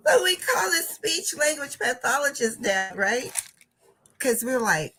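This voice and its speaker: A woman's voice: high voice, expressive, normal speed, bright, forceful tone, breathy edge, poor audio. A woman hosting a crafting channel, telling a casual story and often laughing while she talks.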